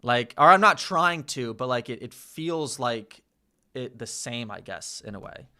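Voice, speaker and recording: Slow, bright-voiced American man. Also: mid-range voice, lively intonation. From United States. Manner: slow, hesitant, full of fillers, sounding out words. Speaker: livestream host learning Polish. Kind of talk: casual live chat.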